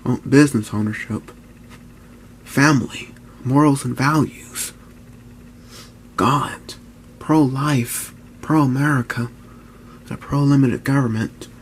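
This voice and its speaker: A man in his early twenties, talking low and often whispering in a halting vlog at home, with many restarts. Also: slight background noise. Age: 20s. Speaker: YouTuber. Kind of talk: hushed vlog talk. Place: at home, indoors.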